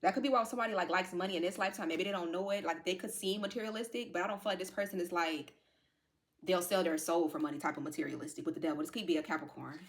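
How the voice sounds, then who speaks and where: A woman's voice: on the low side, rapid-fire. A woman giving a casual tarot reading to her viewers, rambling with lots of fillers, calling them y'all, emotional and close to tears at times. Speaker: tarot reader.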